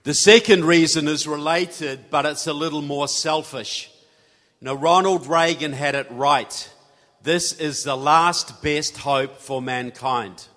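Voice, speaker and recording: A man's voice: fairly high pitch, fairly even intonation, slow, a bit bright. A man from New Zealand with a New Zealand accent giving a folksy, earnest speech to a live audience. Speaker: guest speaker. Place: large hall. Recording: hall reverb.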